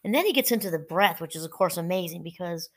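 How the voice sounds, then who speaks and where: A woman's voice: fairly low pitch, lively intonation, fast. Conversational woman hosting a mindfulness talk. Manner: conversational, with restarts and asides, reading quoted passages aloud. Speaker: podcast host. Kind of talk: casual solo talk on mindfulness. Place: home.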